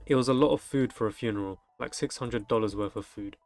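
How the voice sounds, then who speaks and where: A young streamer with a medium-pitched, slightly mellow voice talks fast as he reads internet delivery-driver stories and tosses in crude jokes. There's no echo, with faint music behind him.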